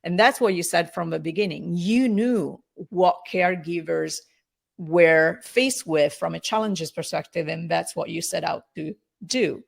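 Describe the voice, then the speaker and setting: A middle-aged woman hosting an interview, talking haltingly and with feeling, often searching for her words. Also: on the low side, gravelly. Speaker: podcast host. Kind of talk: conversational interview.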